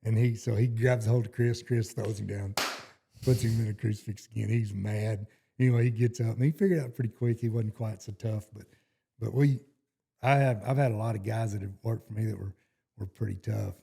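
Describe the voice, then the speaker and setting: A man's voice: on the low side, fairly even intonation, a little fast, vocal fry, warm tone, husky. A middle-aged man with a Texan accent, telling cowboy stories in a casual interview, rambling and restarting his sentences in a folksy way. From Texas. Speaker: horseshoer guest.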